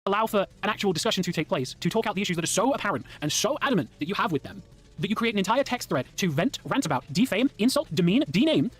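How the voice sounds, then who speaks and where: English guy, furious rapid-fire rant, swings all over in pitch. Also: animated, breathy edge. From England. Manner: heated, indignant ranting with swearing. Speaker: commentary guest. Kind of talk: ranting commentary.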